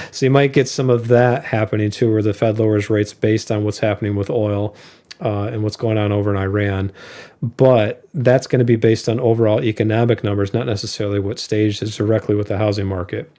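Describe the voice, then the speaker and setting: A man's voice: fairly low pitch, steady tone, a little fast, dark tone. A man co-hosting a casual podcast, explaining his views at length with plenty of filler words. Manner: rambling explanations with fillers and laughs. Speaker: co-host of an investing show.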